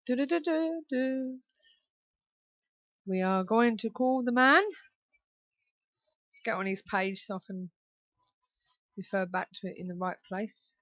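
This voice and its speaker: A woman's voice: a little high, animated, slow, pauses often, no room sound, highs cut off. A woman from southern England hosting a community radio talk show, chatty and laughing often. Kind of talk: casual radio chat.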